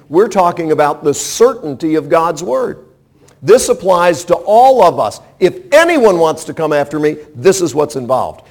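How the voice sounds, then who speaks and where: A man's voice: fairly high pitch, a little mellow. A man preaching a sermon in an emphatic way, often asking the congregation rhetorical questions.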